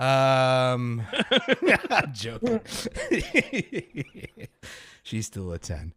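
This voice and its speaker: Rowdy swearing podcast man, lively pitch. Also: very slow, dry recording. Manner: loud, laughing, swears a lot. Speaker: podcast co-host. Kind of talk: profane casual banter.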